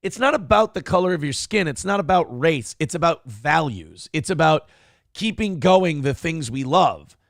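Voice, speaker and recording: A man's voice: a little high, lively intonation, moderate pace, dry recording, clean studio sound. A male show host giving crude, mocking casual commentary on video clips and laughing often.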